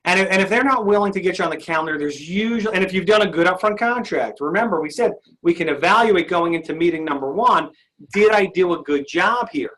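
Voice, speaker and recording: A man's voice: high voice, animated, fast, a bit bright. A male sales trainer leading an interactive session, upbeat and often asking his audience questions.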